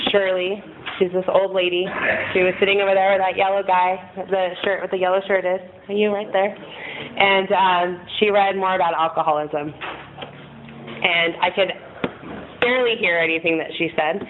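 A woman in her thirties giving a frank, rambling personal testimony to a group in a meeting room, often laughing at herself. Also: fairly low pitch. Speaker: speaker sharing at a recovery meeting. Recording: tinny phone-like recording, faint noise.

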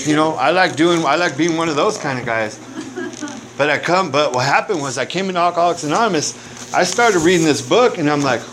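A man's voice: fairly high pitch, expressive, a little fast. A man giving a candid personal recovery testimony with casual profanity and lots of conversational asides. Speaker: recovery speaker. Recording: noisy recording. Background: noise.

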